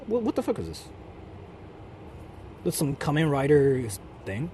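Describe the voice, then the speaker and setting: Man, street streamer, profane and mocking, mixes English and Japanese, mellow dark tone, handheld mic outdoors, faint traffic noise. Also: a little high, huge pitch swings, a little slow. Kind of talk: casual live-stream chatter. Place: out of doors in a city at night.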